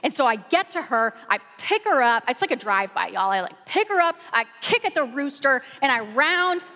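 A middle-aged woman pastor tells a story from the pulpit, animated and full of "y'all." Her voice sits a bit high, and it rings with a long reverb from a large hall. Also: normal speed. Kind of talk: storytelling sermon.

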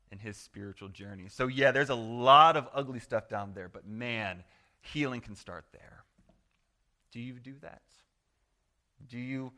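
A man preaching a sermon as pastor, earnest and conversational, swinging from loud to hushed and acting out quoted prayers. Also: medium pitch. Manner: acts out quoted prayers and replies in voice.

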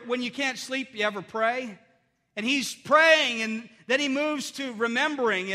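Preaching in a church sanctuary with long hall reverb, the middle-aged pastor sounds very high, bright and forceful. He stays earnest and conversational, frequently starting his phrases over.

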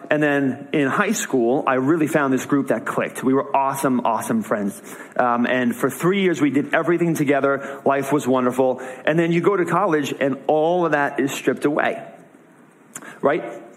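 A man's voice: medium pitch, moderate pace, low-quality recording. A young man preaching in a casual, conversational way, retelling a story with voiced asides. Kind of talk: casual sermon.

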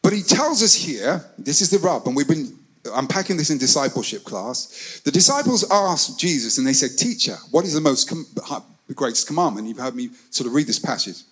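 A man preaching with a high, ringing voice that climbs for emphasis and drops to a near whisper for quiet asides. He repeats key phrases and calls on the congregation to answer back. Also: a little fast, slightly rough, rough recording. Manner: animated preaching, swinging between loud calls and hushed asides; repeats phrases and leads call-and-response with the congregation. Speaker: pastor. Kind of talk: sermon.

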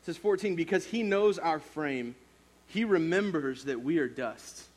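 A man's voice: a little high, lively intonation, normal speed. A man in his thirties, a youth pastor, preaching a sermon through a casual personal story full of fillers.

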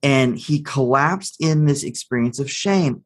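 Male expert guest with a husky, slightly breathy voice, explaining through a story at a middle pitch. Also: measured pace, few pauses. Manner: storytelling, acts out the quotes of the figures in the story. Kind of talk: explanatory interview answer.

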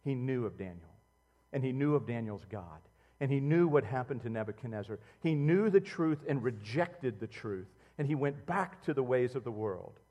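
Animated preacher in a reverberant hall. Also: male voice, normal speed, hardly any pauses. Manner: animated preaching, swinging between loud outbursts and quiet, low intimacy. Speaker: pastor. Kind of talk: sermon.

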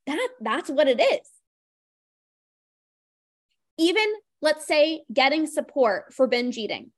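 A woman's voice: high-pitched, measured pace, pauses often. A young woman hosting a solo podcast, talking casually with lots of "like" and acting out little inner voices. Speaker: podcast host.

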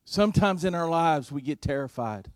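A man preaching a sermon, telling a story slowly and deliberately, his volume rising and falling for effect. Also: a little high, lively intonation, dry recording, clean studio sound. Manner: slow, deliberate preaching with dramatic swings in volume.

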